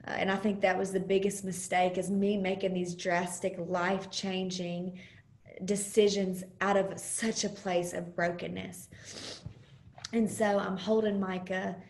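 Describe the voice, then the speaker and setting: Woman sharing her story on a video call, halting and earnest, kinda raspy, roomy sound. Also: medium pitch, little pitch movement, darkish tone. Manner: earnest and halting, with many pauses and fillers. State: close to tears at times. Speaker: conference guest speaker. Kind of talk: personal testimony over video call.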